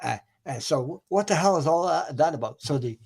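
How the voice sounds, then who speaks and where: A man's voice: a little high, expressive, brisk, vocal fry, background noise. A man hosting a tarot livestream, talking casually and bluntly on a video call, with mild cursing, repetitions and trailing sentences. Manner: blunt, mildly profane, trailing off and repeating himself. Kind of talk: casual group chat.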